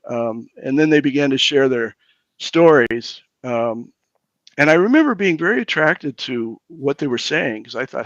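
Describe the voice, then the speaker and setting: A man's voice: mid-range voice, expressive, no room sound, lo-fi sound. A pastor in his sixties telling his own recovery story candidly, often stumbling and restarting his words. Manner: halting, repeats words as he restarts.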